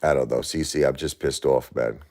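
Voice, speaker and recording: A man's voice: extremely low pitch, normal speed, darkish tone. A man in his forties, a livestream host, talking heatedly and repetitively in an emotional chat with a viewer.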